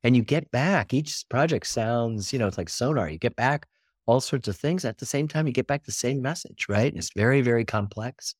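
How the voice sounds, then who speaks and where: A man's voice: medium pitch, expressive, moderate pace, no echo, studio quality. An older man, a documentary filmmaker, talking earnestly and expansively in an interview, often repeating words for emphasis. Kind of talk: reflective interview talk.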